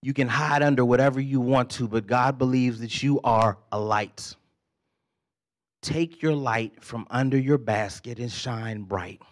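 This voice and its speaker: Guy preaching a sermon, repeats lines in a rhythm, talks right to the congregation. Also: mid-range voice. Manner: loud and rising in the first half, then quiet and intimate; calls out to the congregation, rhythmic repetition.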